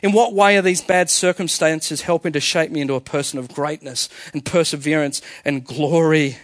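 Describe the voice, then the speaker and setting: A man's voice: on the high side, fairly even intonation, moderate pace, no echo, studio quality. A male pastor preaching a sermon to his congregation, emphatic and full of rhetorical questions. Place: church.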